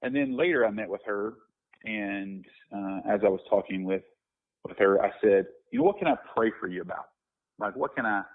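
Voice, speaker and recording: A low-voiced man with a husky edge tells a story, circling back on himself with restarts and fillers. He sounds reflective and unhurried. The audio is thin and tinny, like a phone line. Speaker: guest minister. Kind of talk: conversational podcast interview.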